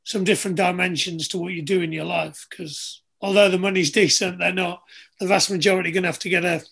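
Husky, gravelly man. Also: high voice, fairly even intonation, fast talker, a bit bright. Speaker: podcast host, former rugby player. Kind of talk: casual chat.

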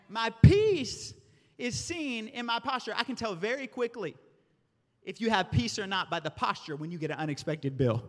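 Preacher, male, from the South, bright high voice, animated sermon storytelling, echoing hall. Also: normal speed. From American South. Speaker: pastor. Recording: reverberant hall.

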